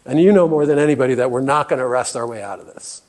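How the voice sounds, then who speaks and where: A man's voice: medium pitch, fast, a little mellow. A man giving a presentation talk as guest speaker, earnest and often restarting with fillers. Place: meeting room.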